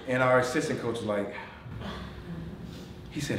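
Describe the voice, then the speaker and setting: Animated storyteller man, echoey and far. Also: medium pitch, very slow. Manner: animated storytelling, laughing as he tells stories; addresses the audience directly and playfully. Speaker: motivational speaker. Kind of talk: motivational speech to a business team. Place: corporate meeting room. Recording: echoey room from far off, noisy.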